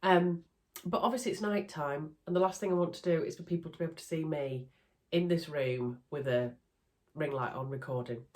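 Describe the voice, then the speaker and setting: A woman's voice: sits low, steady tone, fairly quick, darkish tone. A woman with a Yorkshire accent, bunged up with a cold and sounding nasal, chatting casually and self-deprecatingly to her phone camera at night. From Yorkshire, England. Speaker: sewing vlogger. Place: bedroom at night under a ring light.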